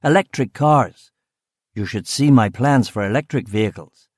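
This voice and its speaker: A man voicing a brash, boastful male car company boss who talks loudly and emphatically. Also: lowish voice, slightly rough, dry recording, clean studio sound. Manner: loud, emphatic, quick to anger.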